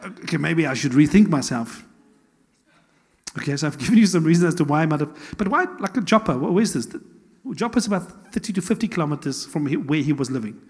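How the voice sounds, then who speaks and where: A man preaching a sermon as pastor, chatty and animated, with laughing asides and quick rhetorical questions. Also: fairly high pitch, slightly rough. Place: church hall. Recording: long church hall reverb.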